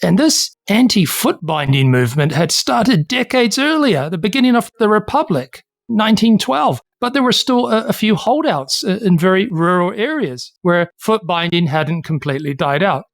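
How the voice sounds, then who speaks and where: Steady explaining podcast co-host. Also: medium pitch, normal speed, few pauses, no room sound, clean studio sound. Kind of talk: casual history podcast chat.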